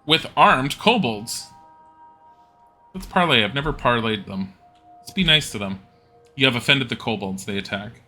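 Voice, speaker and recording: A man's voice: medium pitch, expressive, normal speed, pauses often, sharp tone, soft background music. A man streaming a game live, giving wry, casual commentary that swears now and then and reads menu choices aloud.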